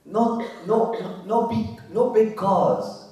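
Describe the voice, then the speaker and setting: A man giving a spiritual lecture, emphatic, repeating his phrases and dropping from loud to hushed. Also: high-pitched, steady tone, slow. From Canada. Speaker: religious lecturer. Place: lecture hall. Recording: echoey hall, voice from far off.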